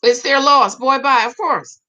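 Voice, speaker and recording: A woman's voice: high-pitched, unhurried, dull audio. A woman giving dating and marriage advice in a casual, sassy chat, talking straight to her women viewers and calling them "girl.". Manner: sassy, animated, addresses listener as "girl"; acts out quoted voices. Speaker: relationship advice vlogger.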